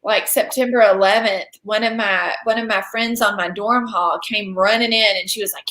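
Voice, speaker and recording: A woman's voice: fairly high pitch, moderate pace, pushed and bright. A woman, co-hosting a podcast in casual chat, folksy and reflective. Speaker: podcast co-host.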